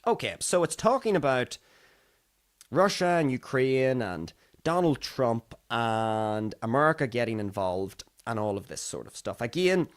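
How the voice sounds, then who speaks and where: A little slow but animated, a young Irish man with a medium-pitched voice hosts a podcast and chats casually through the news, often wandering off topic. He's talkative and digressive in this solo commentary and acts out other people's voices.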